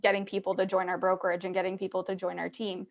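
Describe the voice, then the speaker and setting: A woman with a mid-range voice hosts a podcast, speaking in a fluent, upbeat manner. She responds readily to her guest and builds on his points in relaxed, conversational talk. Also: fairly low pitch, fast talker, lo-fi sound. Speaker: podcast host. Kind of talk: casual conversational interview.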